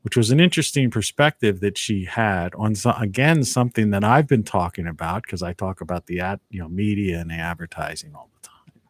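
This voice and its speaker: A man with a lowish voice talks through a casual live-stream monologue at home. He rambles and reflects, circling back and trailing off. The sound is dry and close, with no room echo. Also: a little fast. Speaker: live video host.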